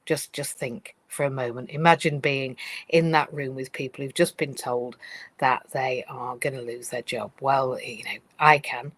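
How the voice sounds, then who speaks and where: A woman's voice: a bass voice, steady tone, moderate pace, no room sound, low-quality recording. A woman giving a live-streamed talk about workplace change. She tells it as a story, talks to listeners directly with fillers and asides, and acts out other people's worried voices. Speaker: speaker on change in organisations.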